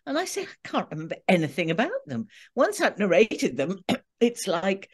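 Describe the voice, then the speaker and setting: A middle-aged British woman with a lowish voice talks shop in a relaxed, animated chat. She is an audiobook narrator, quick to laugh and to slip into mock voices. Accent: British English. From Britain. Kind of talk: casual chat.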